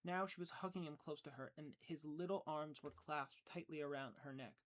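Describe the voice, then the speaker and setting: Guy reading a book aloud, earnest, trips over words sometimes, slightly high voice. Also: normal speed, a bit bright. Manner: earnest, with frequent stumbles and restarts. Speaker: audiobook reader. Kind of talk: audiobook narration.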